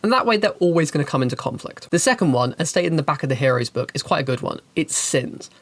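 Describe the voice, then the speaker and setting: A woman hosting a channel, giving game master advice in an animated, chatty and emphatic way. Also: low-pitched, fast, husky, no echo. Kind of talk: casual advice talk and storytelling.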